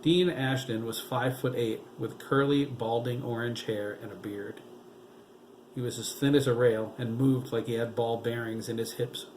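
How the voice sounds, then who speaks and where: A man narrating a novel aloud in a steady storytelling voice. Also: mid-range voice, moderate pace, a little hiss or hum, low-quality recording. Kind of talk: audiobook reading.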